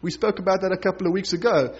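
Male pastor, casual sermon, husky voice, lo-fi sound. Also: high voice, fairly even intonation, very fast, a little mellow. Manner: conversational, acts out quoted voices.

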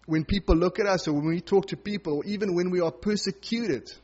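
A man's voice: sits high, a little fast, a little mellow, slightly rough, lo-fi sound. A man preaching a sermon in an earnest, emphatic way, pressing harder on his key points.

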